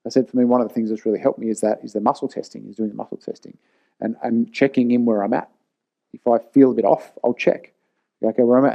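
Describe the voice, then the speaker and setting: A man in his forties with a mellow, medium-pitched voice talks candidly to camera. He's a leadership speaker, and he tells his personal stories bluntly and casually, without holding back.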